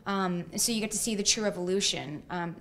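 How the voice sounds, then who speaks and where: A woman's voice: mid-range voice, brisk, a bit bright, slight background noise. A woman, an actress guest, chatting casually in an interview and telling stories with giggles.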